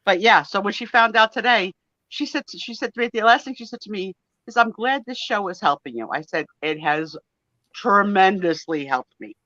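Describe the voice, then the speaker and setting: A middle-aged woman, a guest on a live sale chat, tells stories in a chatty, animated way over a video call. Her voice is mid-range at a moderate pace, and the call audio is dry, dull, and lo-fi with no room sound.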